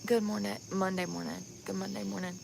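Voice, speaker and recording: A woman's voice: medium pitch, level tone, a little fast, creaky, noisy background. A tired, sunburnt woman vlogging outdoors at night, telling stories bluntly and candidly and laughing often. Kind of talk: casual outdoor storytelling vlog.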